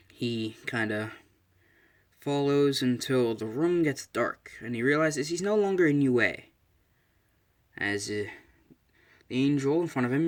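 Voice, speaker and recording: A man casually reading his own fan story aloud, hesitant, with frequent pauses and restarts. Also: medium pitch. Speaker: fan fiction narrator.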